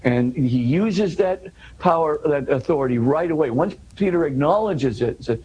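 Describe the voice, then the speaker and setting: A man's voice: fairly high pitch, lively intonation, moderate pace, a little mellow, dull audio, slight background noise. A man in an interview, earnestly explaining a scripture passage, often restarting and pushing his voice up for emphasis.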